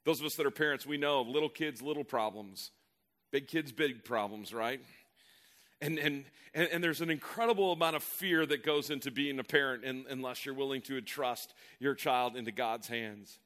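A man's voice: mid-range voice, moderate pace, a bit bright. A male pastor preaching a sermon in an earnest, emphatic way, often repeating words as he builds a point.

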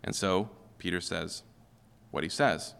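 A man's voice: sits low, unhurried, gravelly, fairly bright tone, smooth. A male pastor preaching a sermon in a conversational way, often checking in with "okay?" and putting questions to the room. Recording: long hall reverb.

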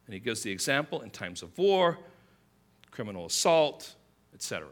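A male pastor preaching a sermon in an animated way, acting out quoted lines with a louder, higher voice. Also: normal speed. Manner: animated, acts out quotes with rising pitch and volume.

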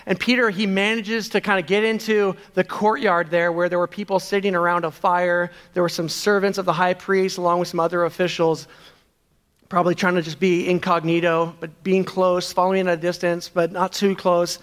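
Male pastor with a high voice, preaching earnestly with rhetorical questions. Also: flat delivery, normal speed, fairly bright tone, smooth. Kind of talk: sermon.

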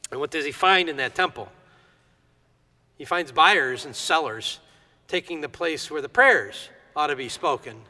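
Male pastor, high bright voice, animated storyteller, long church reverb. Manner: lively storytelling, acts out quoted voices. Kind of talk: sermon.

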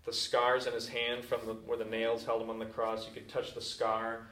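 A man's voice: mid-range voice, monotone, normal speed, fairly bright tone. A man preaching a sermon as a pastor, telling a story in a casual, conversational way. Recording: echoey room from a distant mic.

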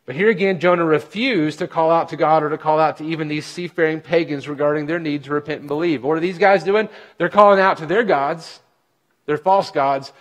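A man preaching a sermon, reading scripture aloud and explaining it with emphatic bursts and quiet asides. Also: a little high, a little fast. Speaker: pastor.

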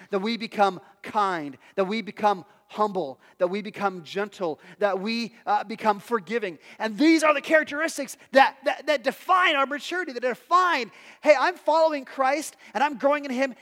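A man with a high voice preaches a sermon as a pastor, easygoing and chatty, stumbling and restarting as he tells stories at his own expense. His voice rings out in a church sanctuary with a long, trailing reverb. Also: a bit bright. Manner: conversational, self-deprecating storytelling with many restarts.

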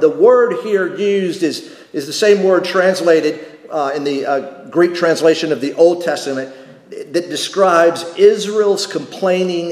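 Slow-preaching pastor man in echoey hall. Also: a little high, darkish tone. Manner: emphatic, repeats key phrases. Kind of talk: sermon. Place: church sanctuary. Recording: echoey hall, long reverb.

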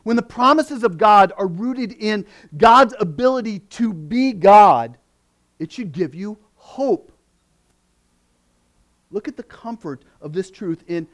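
A male pastor with a notably high voice delivers a sermon. He reads scripture and presses his points with rising, forceful emphasis, then drops back to a quieter, conversational tone. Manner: preaching with swelling emphasis, rising loud on key words.

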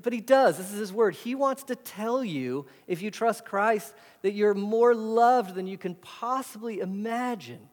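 Guy preaching in a church, kinda high voice, lots of questions, big hall echo. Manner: conversational preaching with rhetorical questions. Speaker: pastor. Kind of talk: sermon. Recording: hall reverb.

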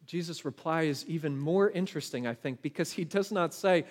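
A male pastor delivers a sermon with a high voice that rings through a long hall reverb. He speaks earnestly and keeps asking the congregation questions. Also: brisk, few pauses. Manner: earnest, asks the listeners questions.

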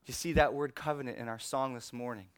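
A male pastor preaching a sermon in an animated, conversational way, chuckling often. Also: medium pitch, fast talker, clear, resonant tone, no room sound. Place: church.

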